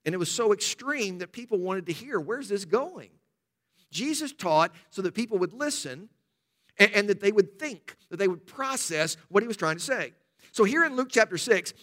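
High, bright-voiced middle-aged pastor preaching. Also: male voice. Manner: conversational storytelling with humor. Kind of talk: sermon.

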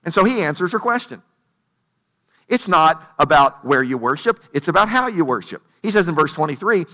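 A man preaching with a notably high, bright and forward voice. He tells the story conversationally and keeps asking rhetorical questions. The delivery is a sermon in plain everyday words. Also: very animated, moderate pace, in a large hall. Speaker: pastor.

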